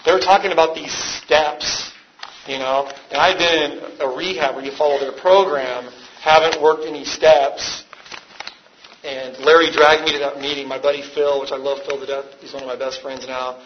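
A man's voice: on the high side, fairly even intonation, moderate pace. A man telling his recovery story to a live meeting, rambling and self-mocking, often laughing at himself. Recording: dull lo-fi with background noise.

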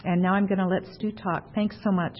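A middle-aged woman sharing a personal testimony at a recovery meeting, soft-spoken and grateful. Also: mid-range voice, level tone, fairly quick. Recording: dull lo-fi recording with faint noise.

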